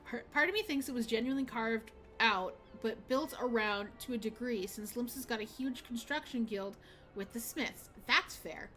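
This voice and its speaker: A woman streamer chats casually over a let's-play, laughing and often cutting herself off mid-sentence. Her voice is a little high and a bit bright, and she talks at a normal speed.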